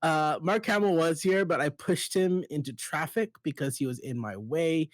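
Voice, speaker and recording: A man's voice: on the high side, dry recording. A man co-hosting a podcast, goofy and playful, tossing out jokes in casual chat. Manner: goofy, playful, quick to laugh. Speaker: podcast co-host.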